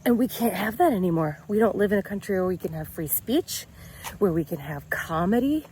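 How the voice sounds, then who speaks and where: A woman's voice: mid-range voice, expressive, brisk, dark tone, slight background noise. A middle-aged American woman giving a blunt, exasperated opinion vlog, swearing freely as she walks outdoors. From United States. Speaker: vlogger.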